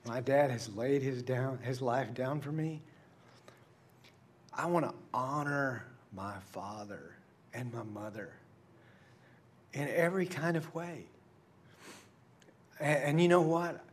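A middle-aged male pastor preaching a sermon in a conversational storytelling way, dropping to hushed asides and climbing to emphatic peaks. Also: medium pitch, takes it slowly, long pauses, a little hiss or hum.

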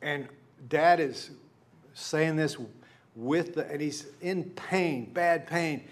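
A middle-aged pastor with a fairly high-pitched voice preaches at a slow pace. His sermon unfolds like a conversational story, moving from hushed asides to emphatic peaks.

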